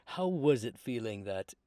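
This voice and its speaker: A man interviewing a guest, asking excited, rambling questions. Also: mid-range voice, no echo, clean studio sound. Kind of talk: casual interview.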